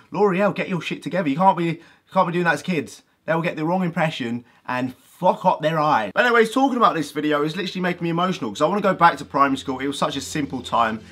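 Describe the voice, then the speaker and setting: Lively young vlogger, fairly high voice. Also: male voice. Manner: energetic, jokey, swears freely, acts out bits. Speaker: YouTuber. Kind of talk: comedic vlog monologue.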